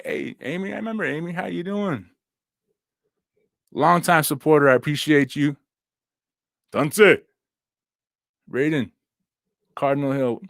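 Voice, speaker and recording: A man's voice: fairly high pitch, creaky, dry recording, clean studio sound. A young man hosting a casual livestream, talking in a laid-back, slangy way with lots of fillers, seated at home while he heals. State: recovering from injuries, sitting down. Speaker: host. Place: at home, seated with laptop and phone.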